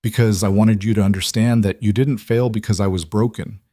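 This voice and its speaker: A man's voice: fairly low pitch, fairly even intonation, fairly quick, dark tone, dry recording, clean studio sound, lightly acted. A man voicing a defiant pregnant young wife, cutting and bitter, in an audiobook reading.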